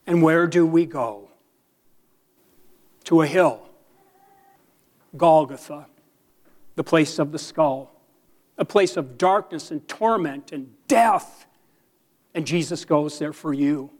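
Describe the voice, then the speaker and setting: Man, pastor, sermon, slow delivery, fairly high voice, earnest, dramatic pauses. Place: church.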